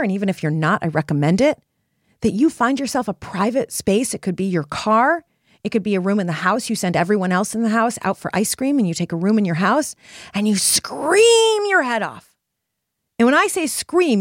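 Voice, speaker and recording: A woman's voice: medium pitch, no room sound, clean studio sound. A woman hosting a personal self-help podcast, coaching listeners in an earnest, emphatic way. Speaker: podcast host.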